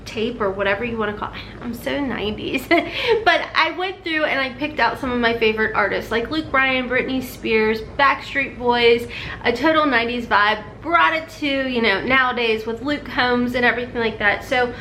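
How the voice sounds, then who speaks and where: A woman's voice: fairly high pitch, normal speed, pushed and bright, slight background noise. A woman, chatting casually through a makeup tutorial in a rambling, self-deprecating way. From Kentucky. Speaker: beauty vlogger.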